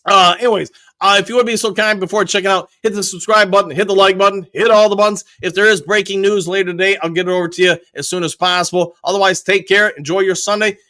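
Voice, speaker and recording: High bright-voiced man reading chat. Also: steady tone, quick pace, hardly any pauses, no echo. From Michigan. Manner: reads viewer chat messages aloud and answers them. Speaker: host. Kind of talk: live fan show chat.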